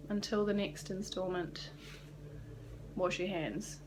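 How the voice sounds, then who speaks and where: A woman's voice: on the low side, steady tone, slow pace, noisy background. A young woman from New Zealand with a New Zealand accent, rambling casually and swearing now and then in a vlog recorded in a small rented apartment. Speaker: vlogger.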